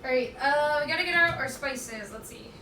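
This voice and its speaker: High-voiced woman streamer cooking and chatting. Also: animated, normal speed, sharp tone, echoey room, far from the mic, a little hiss or hum. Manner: chatty, reads chat aloud, scattered and playful. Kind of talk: casual chat while cooking. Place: home kitchen.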